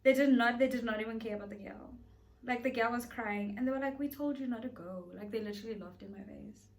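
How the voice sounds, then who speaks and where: Speaking quickly at a fairly high pitch, a young woman on her beauty vlog dramatically retells a story, animated and chatty, performing the quotes. She's slightly distant from the microphone.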